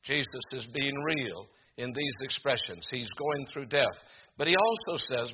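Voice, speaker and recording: An older man preaching a sermon to a congregation, earnest and halting, with frequent fillers and restarts. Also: medium pitch, animated, highs cut off, noisy background. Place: room with a congregation.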